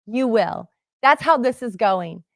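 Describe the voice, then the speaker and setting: A middle-aged woman coaching her audience in an animated, chatty motivational talk. Her voice sits a little high, and it is recorded dry, with no room echo. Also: takes it slowly, gravelly. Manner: animated, chatty, addresses audience as "you guys".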